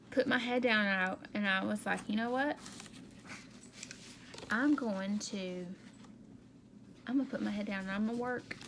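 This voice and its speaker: A woman's voice: fairly high pitch, a little hiss or hum. A woman, a direct sales director, telling a candid and emotional personal story in a vlog, often repeating herself.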